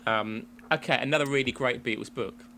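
A man's voice: medium pitch, a little fast, sharp tone, a little hiss or hum. A man from England co-hosting a casual chat podcast, rambling with restarts and frequent laughs. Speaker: podcast co-host.

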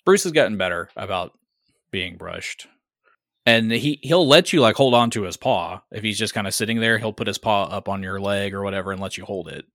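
A man talking casually about his dogs, relaxed and halting at times. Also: lowish voice, no room sound, studio quality. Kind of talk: casual chat.

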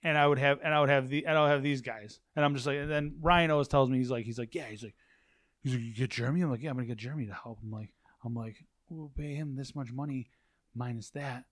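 A man's voice: mid-range voice, fast talker, fairly bright tone, no room sound, clean studio sound. Rambling, profane man telling stories. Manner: rambling storyteller, swears, repeats himself. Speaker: podcast guest, warehouse manager. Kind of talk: casual chat. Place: office at a work facility.

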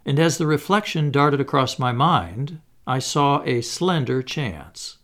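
A man narrating an audiobook in a measured storytelling manner. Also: medium pitch, animated, fairly bright tone.

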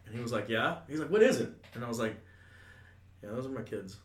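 A man's voice: mid-range voice, quick pace, fairly bright tone, distant mic. A man telling a crude story in casual talk, rambling and full of asides. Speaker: storyteller guest. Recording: echoey room, a bit off-mic.

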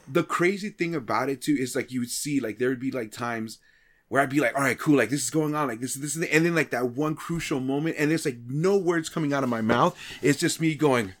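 A man telling stories in a casual, animated way, often swearing and acting out his own reactions. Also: medium pitch, a little fast. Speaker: streamer and podcast regular. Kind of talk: casual chat.

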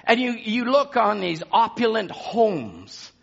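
A man's voice: high voice, sing-song, slow, creaky, fairly bright tone, slightly rough, muffled recording. A man preaching a sermon with passion, his intensity rising and falling as he exhorts the congregation.

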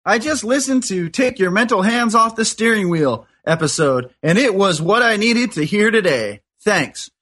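A man's voice: high-pitched, expressive, normal speed, few pauses, a bit bright. A man co-hosting a casual radio chat show, easygoing and a bit hesitant, reading listener mail. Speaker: radio co-host.

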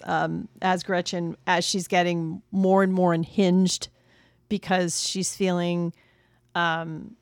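A woman co-hosting a casual movie review chat, relaxed and hesitant with frequent ums. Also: lowish voice, no echo. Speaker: podcast co-host.

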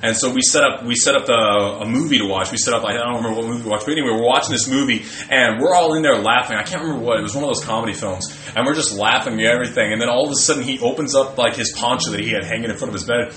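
A young man co-hosting a podcast, telling crude barracks stories in a loud, animated, profane way. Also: mid-range voice, very fast, hardly any pauses, slight background noise. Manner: animated, profane, loud when quoting others. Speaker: podcast co-host. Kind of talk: crude casual storytelling. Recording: echoey room with faint music.

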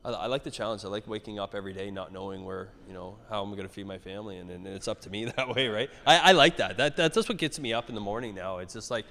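A man's voice: lowish voice, quick pace, hardly any pauses. A middle-aged man from Canada, a gym owner chatting in an interview, rambling and swearing with lots of restarts. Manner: rambling, profane, animated storytelling with many restarts. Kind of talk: casual interview chat. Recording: echoey hall reverb.

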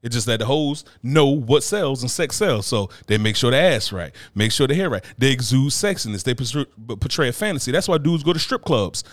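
Blunt, profane man talking fast. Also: mid-range voice, no room sound. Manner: blunt, profane, animated, repeats "you know what I mean". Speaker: podcast co-host. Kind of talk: casual chat.

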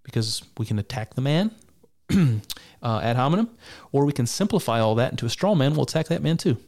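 A man's voice: medium pitch, lively intonation, brisk, vocal fry, a little mellow. A man giving casual spoken commentary on clips, argumentative and wry, with frequent restarts and mock laughter.

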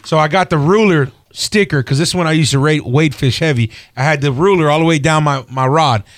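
A man's voice: on the high side, a little fast, dry recording, clean studio sound. A man hosting a casual fishing talk show on the radio, telling stories with lots of energy and frequent laughs. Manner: animated storyteller, laughs often. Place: radio studio.

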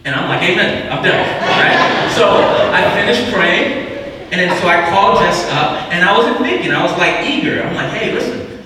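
A man in his thirties preaching a sermon, telling a personal story with animated delivery and acting out the quotes. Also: high-pitched, normal speed. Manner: animated storyteller, acts out quotes, laughs along. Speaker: pastor. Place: church sanctuary. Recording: echoey hall recorded from far off, background noise.

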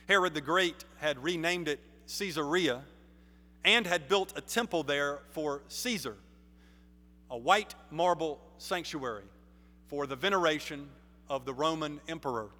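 A male preacher delivers a sermon, unhurried and deliberate, leaning hard on his key words. His voice is bright and sits a little high. It rings out with a long reverb, as in a big sanctuary. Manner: measured, emphatic preaching with rising stresses. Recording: long reverb of a large hall.

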